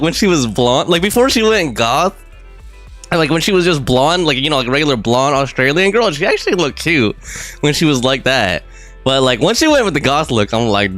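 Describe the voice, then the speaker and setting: This man streams a game live and chats through it casually, rambling with plenty of fillers and laughing often. His voice is fairly high in pitch with a fairly bright tone.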